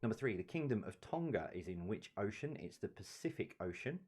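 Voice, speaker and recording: A man with a deep, low voice works through a quiz round by round. He reads each question, gives the answer, and now and then drops in a relaxed aside. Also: a little fast. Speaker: quiz host. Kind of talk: live-streamed pub quiz answer reading.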